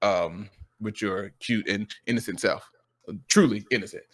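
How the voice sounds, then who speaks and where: A man in a casual, heartfelt chat, talking with lively emotion and frequent restarts. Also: lowish voice, normal speed. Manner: animated, emotional, lots of restarts and quoted dialogue. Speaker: streamer.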